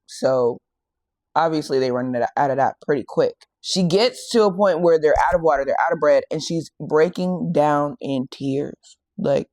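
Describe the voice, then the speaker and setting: Hosting a faith and fitness channel, a woman retells a Bible story in a casual, animated style, acting out the quoted lines. Her voice is low-pitched and moderately paced, captured in a dry, studio-quality recording.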